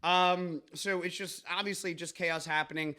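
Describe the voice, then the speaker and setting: A man's voice: high-pitched, steady tone, moderate pace, pushed and bright. A man hosting a comedic news podcast, rambling and joking with many fillers and restarts. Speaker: podcast host.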